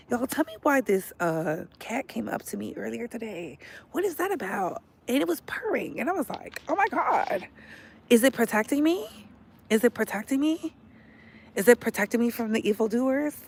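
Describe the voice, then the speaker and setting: A woman vlogger giving casual, indignant political commentary, talking in slang and repeating her points for emphasis. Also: medium pitch.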